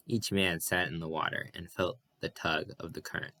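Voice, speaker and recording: A man reading a novel aloud at an unhurried, even pace. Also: low voice, dry recording. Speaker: audiobook reader.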